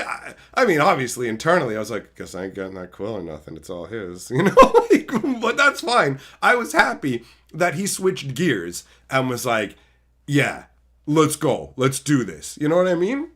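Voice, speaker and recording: A man telling a story in a casual vlog, animated and profane, often exclaiming and cursing. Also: fairly high pitch. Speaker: card game streamer.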